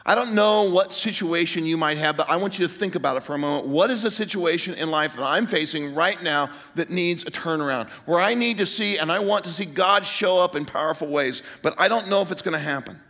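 A pastor preaching an Easter sermon to a large congregation, retelling the story with animated voices. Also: male voice, fairly quick, few pauses. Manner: animated storytelling, voices quotes with rising pitch. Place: large church hall. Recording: reverberant church hall.

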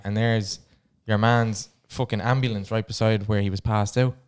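A man's voice: on the low side, moderate pace, very noisy. A young Irish man telling stories in a casual podcast chat, swearing freely. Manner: swears a lot, lively storytelling. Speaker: podcast co-host.

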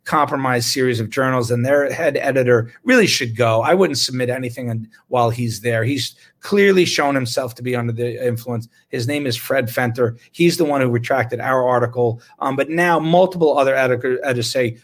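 A man's voice: mid-range voice, a little fast, few pauses. A man, a physician, giving an indignant, sarcastic talk about medical research, with bursts of laughter. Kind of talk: impassioned talk.

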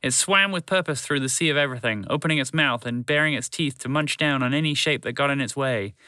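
Man reading a kids story out loud, bright voice, dry close sound. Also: medium pitch, quick pace, clear, resonant tone, dry recording. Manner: expressive read-aloud. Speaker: narrator. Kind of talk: storybook narration.

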